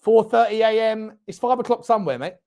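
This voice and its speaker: His voice is high, fairly quick and marked by vocal fry as he hosts a live football watchalong for fans. He chats with viewers and reads their comments between outbursts, yelling at the referee and at chances.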